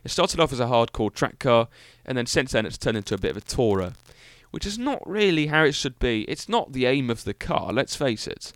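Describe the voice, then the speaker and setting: A man's voice: mid-range voice, very animated, a little fast, hardly any pauses, a bit bright, no echo. A young British man hosting a solo car-review podcast, talking in a rambling, enthusiastic, self-mocking way with lots of fillers. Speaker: podcast host.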